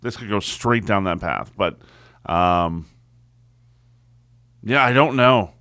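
A man's voice: fairly low pitch, slow pace, a bit bright, dry recording. Wry podcast co-host man, dry sound. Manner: wry, teasing banter. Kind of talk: casual chat.

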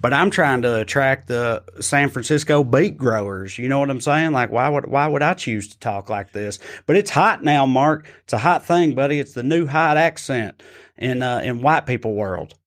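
A man's voice: mid-range voice, animated, normal speed. Wry man joking around. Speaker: podcast co-host. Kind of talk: casual chat.

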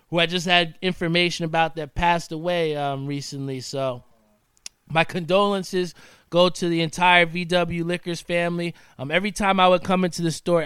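A laid-back male talk show host with a bright, ringing voice and crisp, clean diction, sitting a touch high for a man. He chats loosely and keeps calling his listeners "man". The sound is dry and close, with no room echo. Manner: laid-back, chatty, says "man" often. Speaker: podcast host. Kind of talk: casual show sign-off with sponsor shout-outs.

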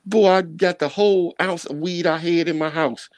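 Middle-aged guy spinning a story in heavy slang, kinda high voice, dry close sound. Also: normal speed, dry recording. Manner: animated street slang, scatting sound effects. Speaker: podcast guest. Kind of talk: casual storytelling.

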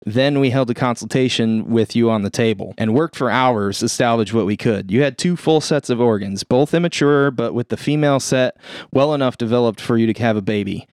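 A man reading aloud, voicing a brisk, matter-of-fact male surgeon explaining things at a bedside. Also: medium pitch, darkish tone, no room sound, clean studio sound, natural voice. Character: brisk middle-aged male hospital surgeon.

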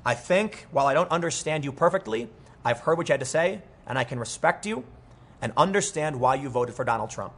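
A young man delivering an animated, rambling political commentary monologue, with frequent restarts. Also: mid-range voice, brisk, breathy edge.

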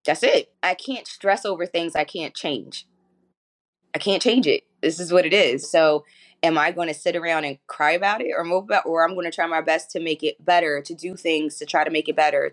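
A woman in her forties, a guest in a casual interview, telling candid stories with frequent laughter. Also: deep voice. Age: 40s. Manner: candid and animated storyteller, laughing often. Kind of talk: casual chat.

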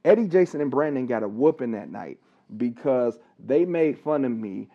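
A man, a licensed counselor, telling a personal story on a podcast, talking haltingly with pauses, restarts and repeated words. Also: mid-range voice, lively intonation, creaky. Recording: dull, slightly lo-fi recording.

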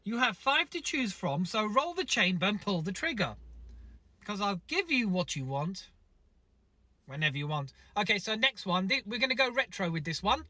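A podcast host, giving wry, deadpan quiz links between clips. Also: medium pitch, moderate pace, no echo.

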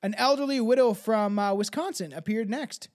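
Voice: medium pitch, moderate pace, darkish tone. A podcast host telling a true-crime story casually, swearing and tripping over names. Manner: swears freely, laughs, trips on names.

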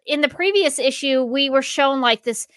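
A woman from the southern United States, co-hosting a casual chat and talking haltingly with lots of "uh" fillers. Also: sits high, a bit bright, no echo. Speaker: podcast co-host.

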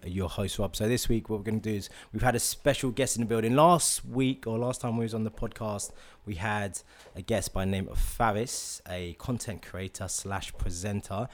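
A man with a London accent hosting a podcast in casual, rambling chat full of fillers. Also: lowish voice. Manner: relaxed, rambling with many fillers. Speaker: podcast host.

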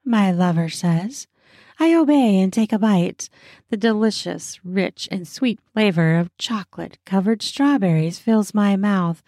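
Slow, breathy woman narrating intimately. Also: medium pitch, no echo, clean studio sound. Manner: breathy and intimate, slipping into soft moans. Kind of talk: first-person erotic audio story narration.

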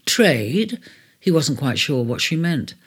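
A storyteller in a gentle, measured reading of a storybook. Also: medium pitch. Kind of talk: storybook narration. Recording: faint music bed under the voice.

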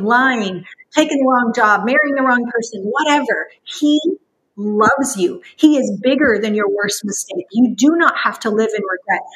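Woman, fairly high voice, Christian podcast guest, impassioned and emphatic, expressive, laughs often. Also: low-quality recording. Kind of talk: impassioned faith-based podcast talk.

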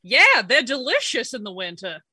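A woman's voice: on the high side, huge pitch swings, normal speed, bright, forceful tone, slightly rough, no echo, clean studio sound. A woman player in a tabletop game, bantering teasingly in character. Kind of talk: casual chat and in-character banter.

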